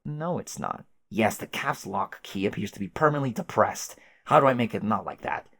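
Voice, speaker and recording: A man putting on a smug narrator voice that talks down to the listener, calm and sarcastic, raised a little above his usual pitch. The recording is dry and close. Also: normal speed, vocal fry, husky, no echo, heavily acted. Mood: condescending. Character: smug, condescending male narrator voice in a head.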